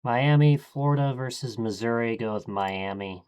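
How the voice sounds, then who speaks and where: A man streaming, thinking aloud in a casual, low-key way as he murmurs his choices one after another. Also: moderate pace, a little mellow, smooth.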